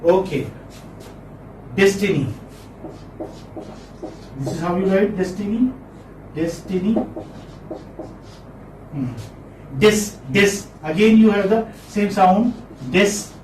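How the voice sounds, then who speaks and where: Male phonetics lecturer, high voice, distant mic, faint hiss, patient and repetitive. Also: mellow. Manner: repeats words slowly, asks "hmm?" to check students. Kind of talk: classroom lecture. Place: classroom. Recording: echoey room, mic from afar, faint noise.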